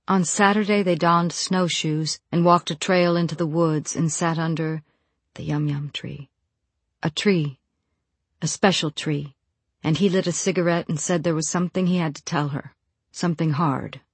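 An audiobook narrator reading a novel in a measured, even storytelling voice. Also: mid-range voice, breathy edge, no echo. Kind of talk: scripted narration.

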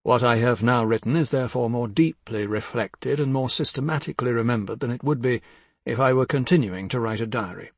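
A man narrating a literary audiobook in a measured, reflective way. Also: mid-range voice, husky, dry recording.

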